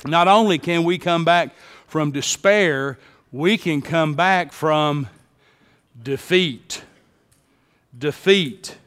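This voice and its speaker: Pastor guy preaching, slow and dramatic, highish voice, big echoey church hall. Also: clear, resonant tone. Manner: dramatic, swings from hushed to shouting. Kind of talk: sermon.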